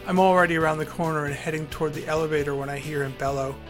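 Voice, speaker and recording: A man's voice: fairly high pitch, fairly even intonation, very fast, over music. A man telling a first-person story with acted dialogue in a dry, wry, articulate way, and hosting his podcast.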